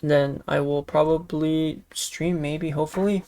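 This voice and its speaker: A man's voice, raspy and hoarse from talking too long, delivers a casual, rambling vlog update. He vents his frustration, circling back over the same phrases. Underneath it all he sounds tired and ready to sleep. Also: a little high, steady tone, measured pace, dark tone. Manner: frustrated venting with repeated phrases. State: hoarse, voice worn out. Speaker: streamer.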